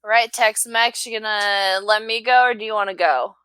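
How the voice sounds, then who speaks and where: A woman's voice: mid-range voice, moderate pace, clear, resonant tone, no room sound. A woman playing a tabletop game, chatting, laughing and swearing after a few beers. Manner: lively, laughing, swearing, has been drinking. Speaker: player. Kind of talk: casual game chat.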